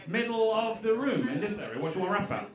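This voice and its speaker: A man's voice: high voice, sing-song, very fast. A male comedian and freestyle rapper working the crowd on stage, talking in a wry, chatty way with a laugh in his voice. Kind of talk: stand-up crowd work. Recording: roomy live venue with crowd. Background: audience voices.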